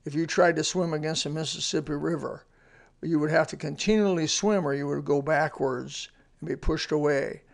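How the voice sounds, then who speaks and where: A man's voice: on the high side, steady tone, moderate pace, creaky. A man giving a short devotional sermon in a plainspoken, earnest way, with folksy asides. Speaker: radio devotional speaker.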